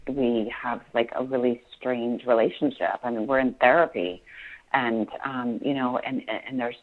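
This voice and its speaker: A woman in her forties speaks in a low register, halting and circling back on her words with constant fillers. Her voice comes through a tinny, phone-like line. She is a guest sharing something personal in an interview. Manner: halting, many restarts and fillers. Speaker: podcast guest. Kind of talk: emotional interview.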